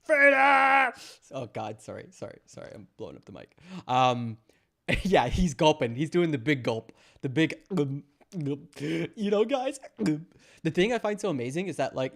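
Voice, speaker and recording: A young man from Canada commenting casually on news clips, sarcastic and mocking, rambling with lots of fillers. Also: on the high side. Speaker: streamer reacting to news clips.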